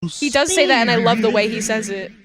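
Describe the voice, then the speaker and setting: A woman's voice: on the high side, fast talker, a crowd in the background. A woman streamer chatting casually with her viewers, rambling, giggling often and searching for words.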